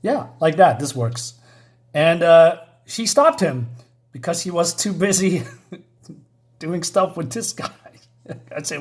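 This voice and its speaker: A man's voice: medium pitch, darkish tone. Chatty man reviewing a comic. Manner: hesitant, many fillers, chuckling asides.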